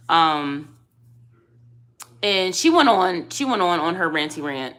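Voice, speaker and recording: A woman with a hoarse voice, chatting casually to camera as a vlogger and mom of three, telling a story with lively emphasis. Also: on the low side, slow, long pauses. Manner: chatty, animated storytelling, addresses viewers as y'all. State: hoarse, voice going out.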